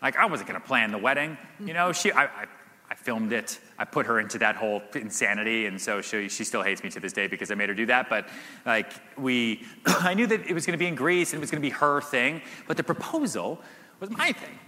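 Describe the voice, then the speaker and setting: Animated man telling stories on stage. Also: medium pitch, brisk. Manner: animated storyteller, laughs often, many "like" fillers. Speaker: guest. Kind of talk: live Q&A storytelling. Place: event stage. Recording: reverberant hall.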